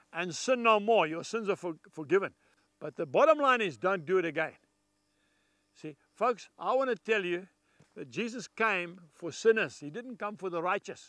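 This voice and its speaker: A man's voice: high-pitched, fairly bright tone, dry recording, clean studio sound. A man preaching a televised gospel message, talking to viewers in an earnest, folksy and emphatic way.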